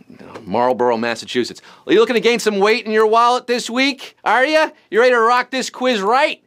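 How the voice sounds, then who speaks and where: A man's voice: high-pitched, lively intonation, normal speed, fairly bright tone. A man hosting a live trivia game, rattling off questions with puns, jokes and sudden silly voices. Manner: punning, jokey, bouncy delivery with sudden silly voices. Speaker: quiz show host.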